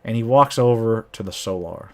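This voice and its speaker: Animated man telling a game story. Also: on the low side, normal speed. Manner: animated, acts out quoted players in a raised voice. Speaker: game master recounting a campaign. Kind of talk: casual storytelling.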